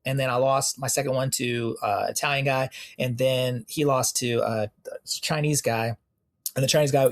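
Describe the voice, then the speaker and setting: A young American police officer, guesting on a podcast, tells stories casually in a gravelly, husky, medium-pitched voice. He brings his interview anecdotes to life by acting out the people and exchanges he quotes.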